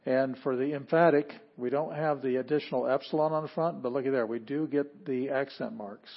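A man's voice: medium pitch, steady tone, brisk. A man teaching Greek in a chatty lecture style, correcting himself and making joking asides. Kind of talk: classroom lecture. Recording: dull lo-fi lecture recording.

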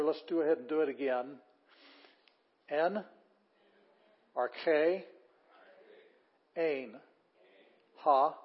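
Casting: middle-aged male teacher, husky, emphatic lecture delivery, muffled lo-fi recording. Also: mid-range voice. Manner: emphatic, repeats words for stress. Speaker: Greek language teacher. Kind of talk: classroom lecture. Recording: dull lo-fi class recording.

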